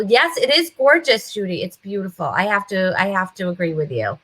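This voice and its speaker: A woman's voice: mid-range voice, lively intonation, moderate pace, few pauses, sharp tone. A woman from Massachusetts hosting a live online talk show, cheerfully greeting viewers by name in casual chat. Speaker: host.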